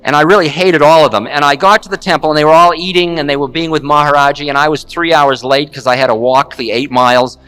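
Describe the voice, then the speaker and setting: A man, a spiritual teacher, telling a story in a candid, wry, animated way. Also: on the high side, quick pace, few pauses, clear, resonant tone. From United States. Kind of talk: storytelling talk.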